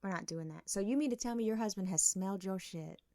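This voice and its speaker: A woman's voice: mid-range voice, fast, dry recording, clean studio sound. A woman co-hosting a podcast in casual chat, telling frank, profane stories and acting out the people in them. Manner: frank, profane storytelling with animated quoted voices. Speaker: podcast co-host.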